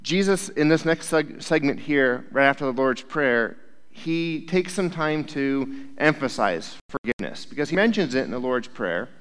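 A man preaching as a youth pastor, his mid-pitched voice trailing long reverb through a large hall. He talks in a casual, conversational way and keeps checking in with his listeners. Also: lively intonation, normal speed, fairly bright tone, smooth. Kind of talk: casual sermon.

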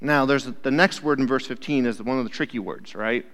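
A man's voice: mid-range voice, brisk, fairly bright tone. A man, a youth pastor, preaching a casual sermon in a conversational way, often checking in with his listeners. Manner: conversational, keeps checking in with "right?". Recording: long hall reverb.

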